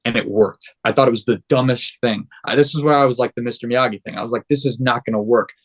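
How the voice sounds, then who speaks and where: A young man talks fast at a medium pitch as a podcast guest. Animated and casual, he recounts his story and acts out each person's lines.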